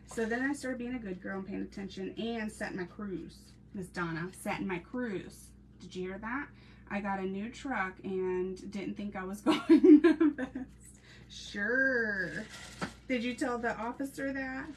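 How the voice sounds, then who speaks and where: A woman's voice: medium pitch, unhurried. A woman from Ohio hosting a casual live crafting stream, chatty and laughing often as she talks to her viewers. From Ohio, USA. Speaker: crafting channel host. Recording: slightly distant mic with faint background noise.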